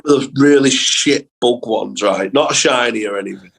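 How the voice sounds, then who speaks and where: Young comedian from England, casual sweary storyteller, lively and quick to laugh. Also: male voice, mid-range voice, gravelly, slight background noise, poor audio. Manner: sweary, animated anecdotes with laughs. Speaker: comedian guest.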